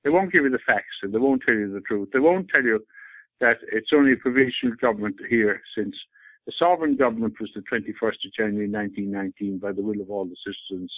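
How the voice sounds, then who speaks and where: An Irish man with a fairly low voice speaks insistently and at length, circling back to his points. His voice comes down a thin, tinny phone line. The sound is dry, with no room around it. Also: no room sound. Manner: rambling, insistent, repeats himself. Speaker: interviewee.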